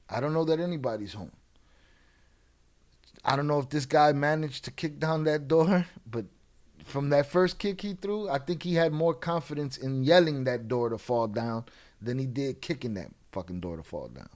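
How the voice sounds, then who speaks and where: A man's voice: mid-range voice, lively intonation, normal speed, darkish tone. A man hosting a live show, giving casual, profane commentary in street slang on crime videos. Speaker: host.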